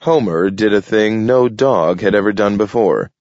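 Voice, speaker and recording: A man narrates an audiobook in a very deep, steady voice, paced with care. The recording is dull and lo-fi, with a close, dry sound and no room echo. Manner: measured, steady storytelling. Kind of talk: scripted narration.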